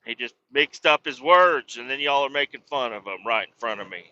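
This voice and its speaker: A man's voice: medium pitch, lively intonation, fairly quick, pushed and bright, lo-fi sound. A man, a truck driver, hosting a podcast and telling a rambling story in casual, profane talk, raising his voice when he quotes people.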